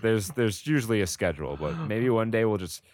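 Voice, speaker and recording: A man's voice: fairly low pitch, expressive, fairly quick, a little mellow, no room sound. A man co-hosting a podcast, speaking in a dry, wry, matter-of-fact casual chat. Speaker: podcast co-host.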